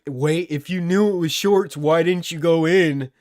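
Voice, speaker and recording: Guy streaming trades live, trash-talks chat, kinda high voice, dry close sound. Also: unhurried, no room sound. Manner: teasing, boastful banter with chat, slangy and loud bursts. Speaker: livestream trading host. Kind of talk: live trading stream commentary.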